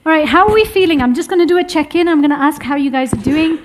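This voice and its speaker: A young adult woman teaching womb health to a live group, lively and encouraging, laughing often. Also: high voice, fast talker. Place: room with a seated group.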